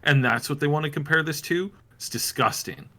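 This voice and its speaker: A man's voice: a little high, fairly quick, bright, forceful tone. A man co-hosting a gaming podcast, ranting sarcastically and sounding exasperated in casual chat. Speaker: podcast co-host.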